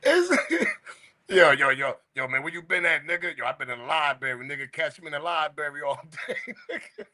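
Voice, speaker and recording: A man with a fairly high voice hosts a livestream and reacts to what he sees. He keeps breaking into laughter and shouting the same exclamations again and again. He talks loosely and casually. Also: big pitch swings, a little fast. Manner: breaks into laughter constantly, loud repeated exclamations. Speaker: livestream host.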